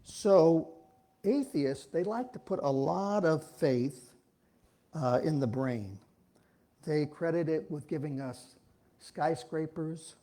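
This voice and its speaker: A man's voice: on the high side, dark tone. A man giving an informal, folksy sermon at a church, talking in a rambling way with frequent restarts. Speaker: speaker giving a talk at a church.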